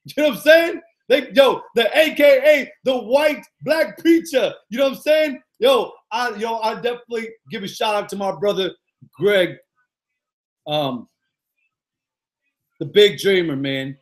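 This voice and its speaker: Brief: middle-aged male coach with a high voice, hyped and effusive, live pep talk to his followers. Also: unhurried. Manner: exuberant, repetitive, peppered with "yo" and "man". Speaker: motivational coach. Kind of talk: live motivational talk, greeting viewers.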